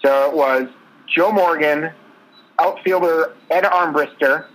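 Bright-voiced man talking baseball. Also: on the high side, takes it slowly, rough recording. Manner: storytelling, lists trade details. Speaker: podcast co-host. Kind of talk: casual sports chat.

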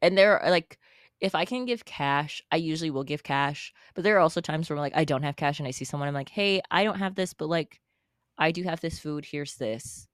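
A young adult co-host talks casually on a podcast at a middle pitch, easygoing and agreeable. The voice is recorded dry and close, with no room sound. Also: a little fast, a bit bright, clean tone, no room sound. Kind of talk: casual chat, reading a post aloud.

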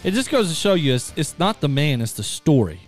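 Lively male sports radio co-host. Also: a little high, soft background music. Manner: quick back-and-forth, joking interjections. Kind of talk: casual sports talk radio.

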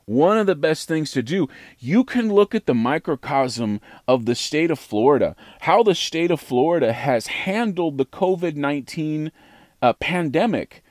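A man's voice: on the high side, expressive, moderate pace, darkish tone, no room sound, clean studio sound. An American man hosting a podcast, giving an opinionated monologue in an emphatic, rhetorical way that repeats phrases for effect. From United States. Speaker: podcast host.

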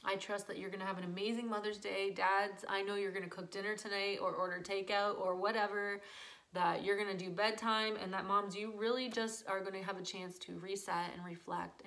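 A woman's voice: medium pitch, a bit bright. A woman giving an earnest, encouraging devotional message to mothers for her church. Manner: earnest, encouraging, repeats "just". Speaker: church speaker.

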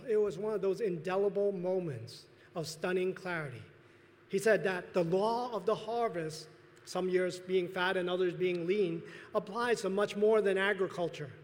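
A pastor delivers an earnest sermon in a high, light voice, pausing often and restarting phrases as he goes. His voice rings out with a long reverb that fills the church sanctuary. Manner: earnest preaching with pauses and restarts.

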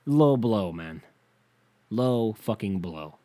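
A man's voice: on the low side, lively intonation, slow pace, warm tone. A young man ranting to camera in a casual comedic monologue, swearing freely and acting out the people he quotes. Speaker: comedic vlogger.

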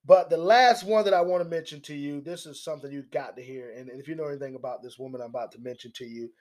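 Animated man giving political commentary. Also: fairly high pitch, fast talker. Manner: animated, mocking, repeats words. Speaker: commentary host.

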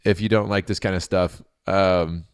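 Deep-voiced man reading aloud haltingly. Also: fairly even intonation, clear, resonant tone, dry recording, clean studio sound. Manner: halting, with many restarts while reading. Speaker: podcast co-host. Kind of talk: casual chat and reading aloud.

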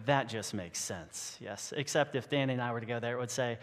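Guy preaching in a church, chatty and jokey, lots of restarts, big echoey hall, middle pitch. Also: normal speed. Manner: conversational and joking, with frequent restarts. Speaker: pastor. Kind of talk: sermon. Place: church sanctuary.

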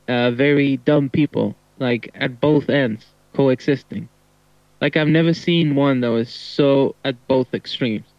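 A man co-hosting a casual podcast, talking haltingly with many pauses and restarts. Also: medium pitch, no room sound. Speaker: podcast co-host. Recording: dry muffled lo-fi sound.

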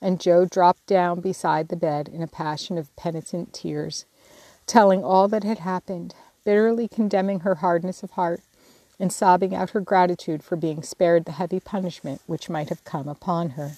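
A woman narrating an audiobook in a measured, expressive reading. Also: fairly low pitch, no echo. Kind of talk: scripted narration.

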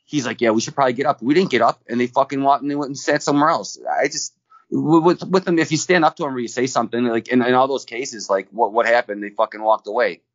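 A man co-hosting a podcast, telling rough bar stories in a fast, profane, rambling way full of restarts. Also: mid-range voice, no echo, lo-fi sound. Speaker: podcast co-host. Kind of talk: casual storytelling.

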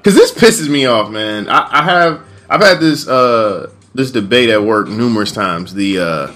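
A man's voice: lowish voice, animated, unhurried, fairly bright tone, soft background music. A young man in casual conversation, earnest and emphatic, with slangy asides.

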